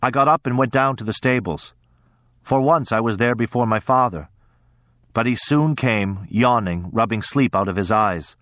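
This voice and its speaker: An audiobook narrator with a mid-range voice reads a scripted first-person story in a measured, even storytelling tone. The recording is studio quality with no room sound.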